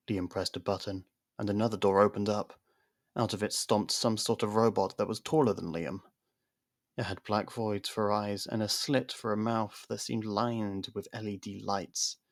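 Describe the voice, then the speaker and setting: A man's voice: fairly low pitch, vocal fry, dry recording, clean studio sound. A man narrating a fan-made science fiction story and reading every character's lines. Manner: reads all parts, lively character voices. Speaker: narrator and audiobook-style reader. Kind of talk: scripted narration of a fan audio drama.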